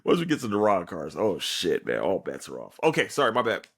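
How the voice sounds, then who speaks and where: A man's voice: sits low, wildly swooping pitch, fast, a bit bright, husky. A tired man hosting a podcast, recapping an anime episode in a rambling, profane way with lots of fillers. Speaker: podcast host.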